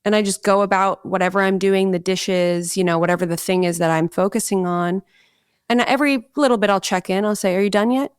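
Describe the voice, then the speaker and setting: A woman's voice: mid-range voice, fairly quick, smooth, dry recording, clean studio sound. A woman in her thirties from Long Island, talking bluntly and candidly as a podcast guest. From Long Island, New York. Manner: blunt, candid and emphatic, with frequent "like". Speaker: actress guest on a gaming podcast. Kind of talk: casual interview chat.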